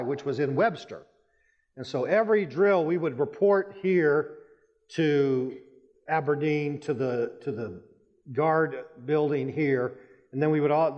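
Man preaching a sermon in a reverberant hall. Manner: storytelling, emphatic rises in pitch. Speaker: Baptist pastor. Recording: muffled church hall with long reverb.

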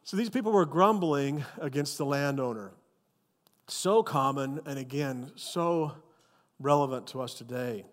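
Animated preacher man in a reverberant church. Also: medium pitch, unhurried. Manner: animated, emphatic storytelling. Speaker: pastor. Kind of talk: sermon.

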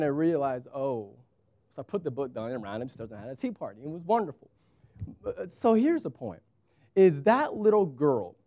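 Animated preaching man, higher voice. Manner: animated storytelling with wide pitch swings. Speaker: pastor. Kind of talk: sermon.

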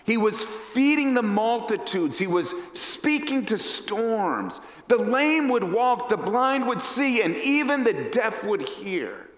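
Animated storytelling preacher, echoing hall. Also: male voice, sits high, slow pace, few pauses. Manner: dramatic, animated storyteller who acts out characters. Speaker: pastor. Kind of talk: storytelling sermon. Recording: echoey hall reverb.

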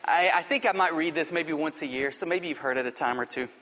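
A man's voice: a little high, fast talker, sharp tone. A man preaching a sermon as pastor, earnest and exhorting, often restarting his phrases. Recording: long hall reverb.

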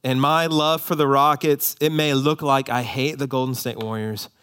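A man preaching a sermon to a congregation, animated, with rising emphasis and joking asides. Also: mid-range voice, normal speed, clean tone. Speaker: pastor. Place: church hall before a congregation.

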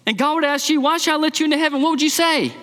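A man's voice: very high-pitched, very fast, fairly bright tone, voice pushed up. A man voicing an earnest, awkward twelve-year-old boy who asks a blunt question. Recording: long hall reverb.

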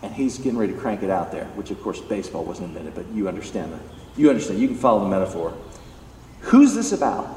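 A pastor preaching a sermon, emphatic and animated, acting out the lines he quotes. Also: lowish voice. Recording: echoey hall, distant mic, faint background noise.

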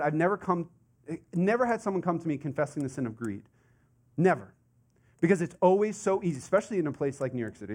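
A man preaching a sermon in a conversational, animated way, full of asides and rhetorical questions. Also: on the high side. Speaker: pastor.

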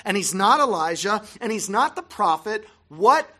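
A Bible teacher giving scripted narration on a gospel passage, measured with emphatic pauses. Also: medium pitch, very animated, pushed and bright.

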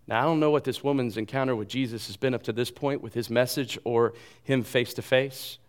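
A man preaching a sermon, animated and joking at himself, dropping to a soft voice when he quotes. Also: medium pitch, a little fast, smooth. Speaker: pastor.

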